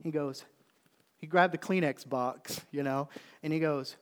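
A middle-aged man, a pastor preaching a sermon, telling a story and then building into animated emphasis. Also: fairly high pitch, a little slow, smooth. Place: church sanctuary. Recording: long reverb of a church hall.

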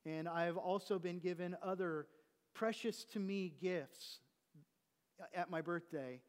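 A man preaching a sermon as pastor, teaching his congregation with rhetorical questions and slowing down to stress key words. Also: sits high, smooth. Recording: long hall reverb.

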